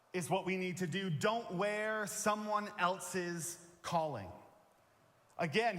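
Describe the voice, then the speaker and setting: Pastor, man, slightly high voice, conversational sermon with repeated key lines, long church reverb. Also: fairly bright tone. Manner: earnest, plain-spoken, repeats key phrases. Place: church sanctuary.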